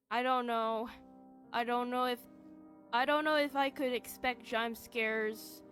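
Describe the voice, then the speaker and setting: A woman's voice: a little high, steady tone, measured pace, over loud music. A woman streamer reading through a game and commenting in a chatty, self-deprecating way.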